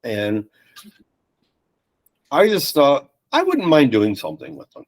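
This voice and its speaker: A man chatting casually as a podcast guest, spinning animated anecdotes. His voice sits in a middle register. He slips into quoted voices as he goes. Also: medium pitch, takes it slowly, rough recording. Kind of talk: casual storytelling chat.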